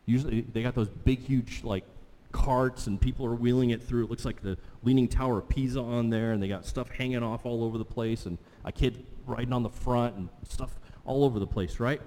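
Man, pastor, conversational sermon, asks the crowd questions, warm relaxed tone, long echo. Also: mid-range voice, fairly quick, hardly any pauses. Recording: long hall reverb.

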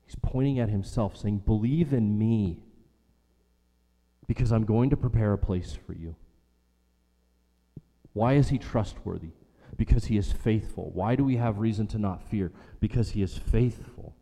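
A man preaching an earnest sermon in a somewhat low, mellow voice. He repeats phrases for emphasis and slows down on the key lines. His voice carries a long reverb, as if it fills a church hall. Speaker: pastor.

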